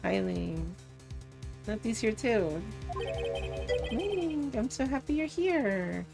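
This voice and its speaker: A bubbly woman on a game stream, chatting casually and greeting viewers. Her voice is fairly high with a very lively melody, and she talks slowly. Game music plays clearly under her.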